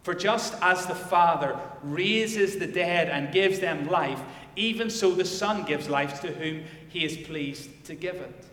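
A male pastor delivering a sermon and reading scripture, swinging from loud declarations to hushed emphasis. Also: on the high side, measured pace, few pauses. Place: church. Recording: echoey church hall.

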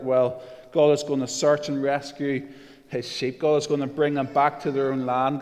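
A male preacher delivering a sermon in a fairly flat, level pitch. He reads scripture slowly and with weight. His voice carries a long reverb, like a church hall. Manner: slow, emphatic scripture reading with rising intensity.

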